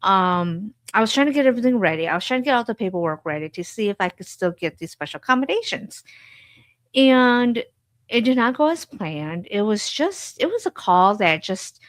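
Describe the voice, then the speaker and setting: A woman in her thirties tells her own story to her podcast listeners with emotional frankness, stopping and restarting often. Her voice sits at an ordinary middle pitch. The sound is dry and close, with no room around it. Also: dry recording. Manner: emotional, frank, with many fillers and repeats. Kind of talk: candid personal storytelling.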